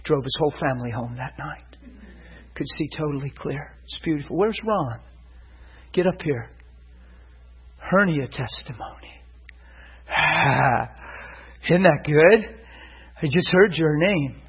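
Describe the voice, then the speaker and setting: A man preaching a sermon in a church, telling a healing story in an animated way, his voice climbing high when he gets excited. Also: takes it slowly, long pauses, husky.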